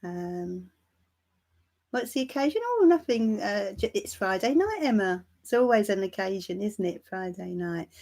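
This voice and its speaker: A woman's voice: medium pitch, lively intonation, unhurried, darkish tone. Affectionate woman hosting a live stream. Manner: chatty and affectionate, calls viewers darling and my love; laughs lightly between remarks. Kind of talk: casual livestream chat greeting viewers.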